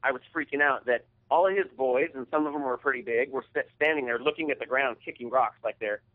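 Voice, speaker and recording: A man tells a story in a loose, heated way, swearing freely as he goes. His voice sits at an ordinary pitch. It comes through thin and tinny, as if over a phone line. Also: fast talker. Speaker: podcast co-host. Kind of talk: casual storytelling chat.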